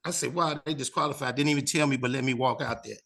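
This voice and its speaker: Gravelly, animated Chicago comedian telling stories. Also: male voice, medium pitch, quick pace. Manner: animated storyteller, acts out other people's voices. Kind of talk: storytelling in a casual interview.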